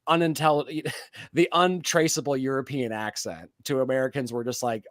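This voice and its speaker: A man's voice: medium pitch, fairly even intonation, moderate pace, no room sound. A man co-hosting a podcast, recapping a TV episode in casual chat, rambling with lots of fillers and restarts. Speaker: podcast co-host.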